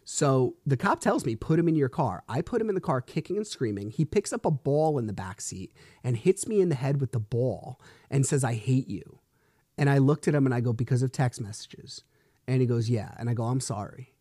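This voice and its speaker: A man's voice: mid-range voice, lively intonation, a little fast, few pauses, mellow, dry recording, clean studio sound. A man in his thirties hosting a solo podcast, telling a story in a frustrated, rambling way with swearing and restarts. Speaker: podcast host.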